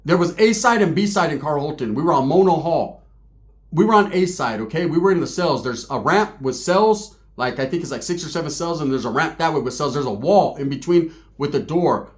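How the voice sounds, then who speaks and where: A man's voice: on the high side, animated, a little fast. A man casually telling profane stories about prison and gang life in street slang, often tagging his lines with "right?".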